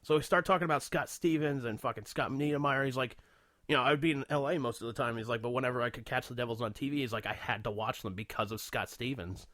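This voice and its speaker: A man's voice: medium pitch, fast, no echo, studio quality. A man co-hosting a radio podcast, telling a story in casual chat with frequent laughs and swearing. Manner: laughing storyteller, swears often, puts on loud impressions. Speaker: podcast co-host.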